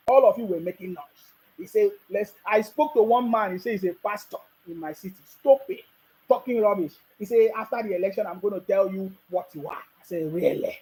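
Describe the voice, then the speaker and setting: A woman's voice: on the high side, dark tone, low-quality recording. A woman with a Nigerian accent giving opinionated political commentary, mocking and combative, hammering points with repeated rhetorical questions.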